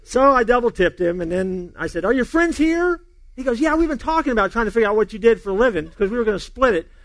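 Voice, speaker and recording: A man's voice: sits high, expressive, fast, fairly bright tone, dry recording. A middle-aged man, a pastor, giving a sermon and telling a funny personal story, acting out the dialogue and laughing along.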